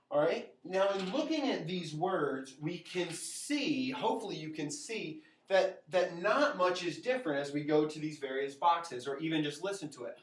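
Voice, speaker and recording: A man's voice: a little high, lively intonation, moderate pace, fairly bright tone. Chatty male teacher in an echoey room. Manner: chatty and informal, with many fillers and asides to the viewer. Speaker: Latin teacher. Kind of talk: casual whiteboard lesson. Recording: echoey room, far from the mic.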